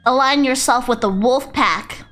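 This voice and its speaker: A woman's voice: high-pitched, moderate pace, a bit bright, faint music behind. A woman streaming live, chatting casually with her chat in a giggly, chaotic, self-mocking way. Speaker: VTuber streamer. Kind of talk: casual livestream chat reading chat messages.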